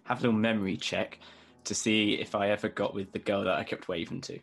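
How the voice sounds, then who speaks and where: A man's voice: on the low side, steady tone, fast, creaky, fairly bright tone. A man playing a tabletop role-playing game, chatting with the game master and laughing often. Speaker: player. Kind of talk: casual tabletop game play.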